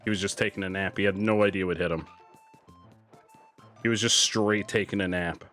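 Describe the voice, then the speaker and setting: A man's voice: deep voice, fairly quick. A man casually commenting on a video game as he plays, joking and reading the on-screen text aloud. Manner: animated, jokey, reads game text aloud. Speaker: streamer. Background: faint game music.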